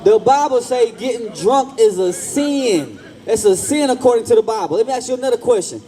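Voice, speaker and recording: A man's voice: very high-pitched, animated, a little fast, mellow. A man preaching outdoors on a street, blunt and slangy, firing questions at passers-by and repeating himself.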